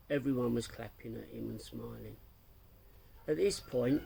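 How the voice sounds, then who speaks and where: A man reading a story aloud as narrator, slow and even. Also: medium pitch, gravelly, slight background noise, rough recording.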